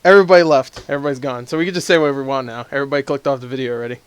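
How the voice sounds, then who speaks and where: A man's voice: medium pitch, clean tone. A young man co-hosting a casual chat, joking and interjecting as they talk. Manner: jokey, quick to laugh and interject. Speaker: co-host. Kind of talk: casual banter.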